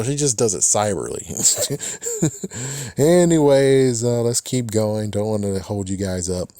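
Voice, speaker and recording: A man's voice: on the low side, dark tone, dry recording, studio quality. A man casually reviewing a TV episode, rambling and cursing often, with frequent "it's like" asides. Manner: rambling, profane, repeats "it's like". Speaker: show reviewer.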